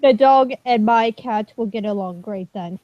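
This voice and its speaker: A woman's voice: a little high, measured pace, dry recording, lo-fi sound. A woman co-hosting a casual stream chat, self-deprecating and stumbling over her words. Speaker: stream co-host.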